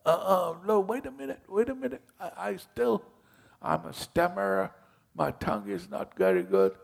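A man's voice: very animated, normal speed, gravelly, full character voice. A man voicing Moses as an anxious, pleading prophet who calls himself a stammerer. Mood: flustered. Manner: anxious, pleading, higher-pitched.

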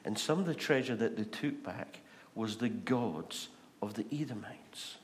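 A man with a Scottish accent preaching a sermon, animated and asking the congregation rhetorical questions. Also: fairly low pitch, measured pace. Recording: long reverb of a large hall.

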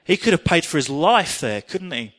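Earnest preacher telling a testimony. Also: male voice, fairly high pitch, normal speed. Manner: animated storytelling, earnest. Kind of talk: sermon with personal testimony.

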